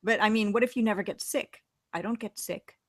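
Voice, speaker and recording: A woman of middle pitch hosts a casual online show. She chats freely and reads viewer comments aloud. The recording is dry and close. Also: brisk, dry recording. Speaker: host. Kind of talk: casual chat, reading live chat.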